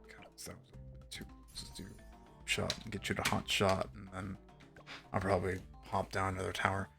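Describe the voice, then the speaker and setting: A man's voice: sits low, monotone, a little fast, creaky, music in the background. A young man from Texas streaming a game, telling a rambling story with lots of fillers and casual swearing. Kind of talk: casual chat while gaming.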